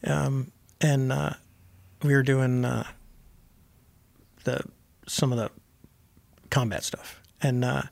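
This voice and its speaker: Gravelly older man telling stories. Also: medium pitch, level tone, takes it slowly, long pauses, a little mellow. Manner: rambling, many restarts, chuckling asides. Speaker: guest, retired Navy pilot. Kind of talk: casual interview chat.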